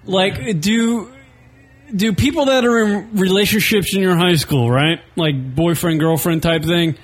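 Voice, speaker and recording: A man's voice: sits high, unhurried. A man hosting a casual radio talk show, teasing callers and cohosts with jokes. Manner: teasing, joking. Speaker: host.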